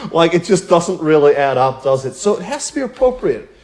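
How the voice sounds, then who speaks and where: A man teaching piano in a relaxed tutorial, talking chattily, with many "you know" asides and rhetorical questions. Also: fairly high pitch, a little fast. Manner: explains with everyday examples. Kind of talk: casual spoken tutorial.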